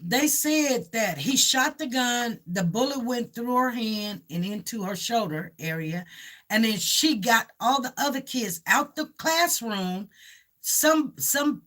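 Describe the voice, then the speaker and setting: A woman's voice: fairly high pitch, expressive, slow, a bit bright. A woman hosting a casual livestream chat, rambling and repeating herself as she talks and reads out viewer comments. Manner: coaxes her dog with cooing repeats. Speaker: livestream host.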